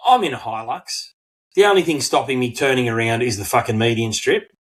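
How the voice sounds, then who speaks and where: Sweary Australian bloke telling a story. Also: male voice, medium pitch, fairly quick, low-quality recording. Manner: swears freely, acts out quotes in animated bursts. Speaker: podcast co-host. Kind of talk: casual storytelling chat.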